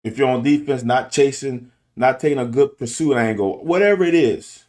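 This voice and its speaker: A man's voice: medium pitch, normal speed, darkish tone. A middle-aged man and football coach talking candidly in a casual monologue, restarting and repeating himself to make his point. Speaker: football coach and show host. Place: car.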